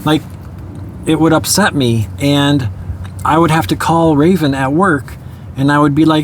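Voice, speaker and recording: A man's voice: fairly high pitch, a little slow, long pauses, a little hiss or hum. A young man candidly telling his own life story in a casual, reflective way, often adding "you know" and small nervous laughs. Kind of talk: casual spoken memoir.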